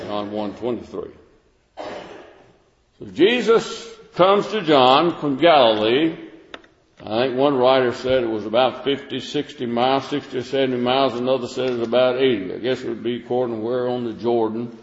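Pastor preaching in an echoey church. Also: male voice, medium pitch, moderate pace. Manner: conversational, frequent "uh" fillers and restarts. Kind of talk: sermon with scripture reading. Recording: echoey hall, dull lo-fi sound.

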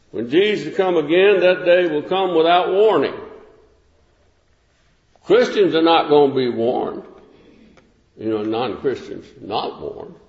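An older American man preaching a sermon in a measured, conversational way, rising to emphatic peaks. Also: on the high side. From United States. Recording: echoey hall, dull sound.

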